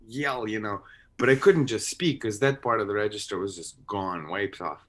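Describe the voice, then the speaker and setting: A man's voice: lowish voice, moderate pace, a bit bright. A man chatting as an actor guest on a video-call interview, rambling with many restarts. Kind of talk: casual interview chat.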